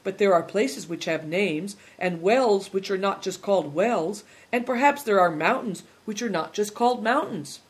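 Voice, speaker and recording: A reader doing a quiet, polite young man. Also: mid-range voice, normal speed, hardly any pauses, husky, natural voice. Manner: quiet, courteous. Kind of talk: audiobook character reading.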